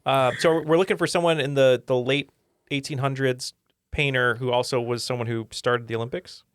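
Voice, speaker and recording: A man's voice: medium pitch, steady tone, moderate pace, smooth, dry recording, clean studio sound. A man playing in a casual podcast trivia game, joking and searching for words. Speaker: trivia contestant.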